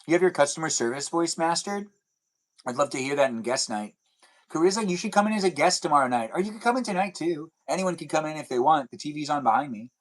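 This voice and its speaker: This young livestream host talks fast in a slightly high, animated voice, rambling through replies to chat comments. He's streaming casually from home with a TV running behind him.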